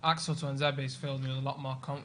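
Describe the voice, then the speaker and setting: A man on a football panel giving quick, confident opinions in casual chat. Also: mid-range voice, level tone, pushed and bright.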